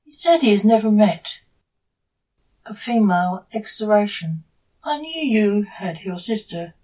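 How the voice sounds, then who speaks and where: A woman's voice: mid-range voice, expressive, unhurried, dark tone, far from the mic, natural voice. A woman reading as a cheerful old emperor. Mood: genial. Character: elderly male Emperor of the Universe, genial.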